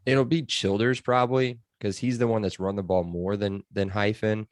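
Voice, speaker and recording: A man's voice: fairly low pitch, fairly even intonation, moderate pace, no echo, studio quality. A man hosting a casual sports podcast, chatty and loose with lots of fillers. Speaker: podcast host.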